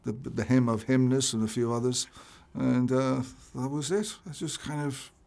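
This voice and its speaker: A man from Ireland, an actor being interviewed, telling stories in an animated way, restarting and repeating his words. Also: medium pitch, normal speed, vocal fry. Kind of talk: casual interview chat.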